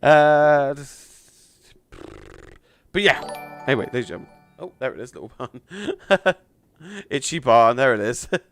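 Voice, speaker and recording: A man chatting on a live game stream, thanking donors with lots of fillers, a little hoarse from losing his voice. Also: mid-range voice, expressive, unhurried, pauses often, faint music behind.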